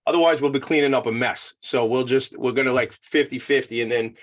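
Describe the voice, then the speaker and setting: A man co-hosting a casual chat, rambling and excitable and tripping over his words. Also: medium pitch, fairly quick. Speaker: podcast co-host.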